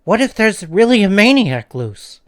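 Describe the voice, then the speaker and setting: A man's voice: sits high, big pitch swings, moderate pace, pitched above the performer's own voice. A man voicing a nervous teenage girl who pleads anxiously with her friends.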